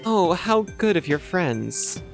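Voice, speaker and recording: A man's voice: high voice, big pitch swings, takes it slowly, gravelly, soft background music, pitched above the performer's own voice, full character voice. A man voicing a cold, imperious mother who rules a city, speaking in a stately, formal and condescending way while reading game dialogue aloud.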